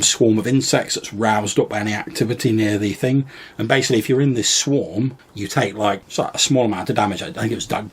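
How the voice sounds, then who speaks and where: Man, game master, casual rambling storytelling, low pitch, husky rasp. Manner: rambling, many fillers and restarts. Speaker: podcast co-host and game master.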